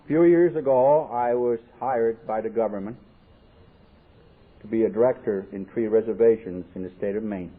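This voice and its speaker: A man speaking at a recovery convention, telling his life story with jokes and acting out the dialogue. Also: medium pitch. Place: convention hall. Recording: tinny lo-fi 1979 tape, faint hiss.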